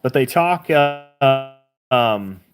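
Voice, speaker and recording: A woman's voice: extremely low pitch, animated, takes it slowly, over music. A woman from southern Missouri with a Southern accent, hosting a casual live stream, chatting with viewers and reading their comments aloud. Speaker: livestream host.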